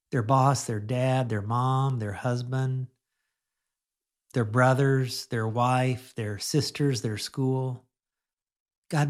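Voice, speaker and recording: Man preaching gently in a conversational way. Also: mid-range voice. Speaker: pastor. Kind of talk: radio devotional sermon.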